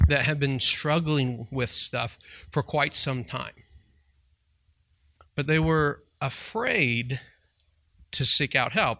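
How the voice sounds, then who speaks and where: A man's voice: fairly high pitch, sharp tone, no echo. A man who works as a Christian counselor, giving a conversational faith talk and often checking in with "right?". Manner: conversational, keeps asking "right?"; chuckles while telling stories. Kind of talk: casual faith teaching.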